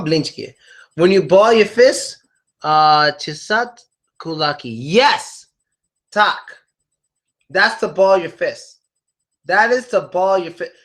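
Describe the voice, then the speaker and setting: A man teaching English idioms to a live class in a joking, animated way, acting out quotes in loud, high voices.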